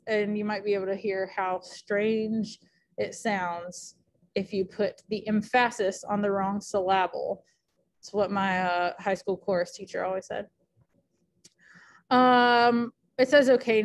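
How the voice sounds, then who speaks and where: A woman teacher giving a casual recorded lecture, chatty and thinking aloud with many fillers. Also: mid-range voice.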